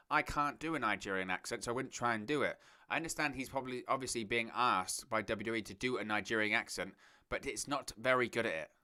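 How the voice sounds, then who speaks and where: This streamer's fairly low voice comes across clean, pushed and bright as he runs a live watch-along. He keeps things casual, musing aloud, reading chat and addressing his audience directly.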